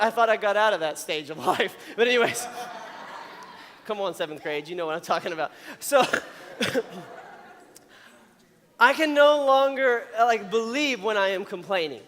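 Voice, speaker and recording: Man, youth pastor, high voice, casual sermon, lively, long church reverb. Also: moderate pace. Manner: animated, chatty, playfully acts out complainers. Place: church auditorium.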